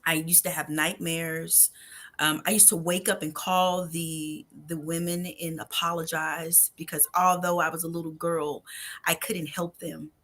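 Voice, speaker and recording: Bright-voiced woman telling her story. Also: deep voice, little pitch movement, a little slow. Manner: earnest and heartfelt, drops to a near whisper at tender moments. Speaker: guest, nonprofit founder. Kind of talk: personal storytelling in a podcast interview.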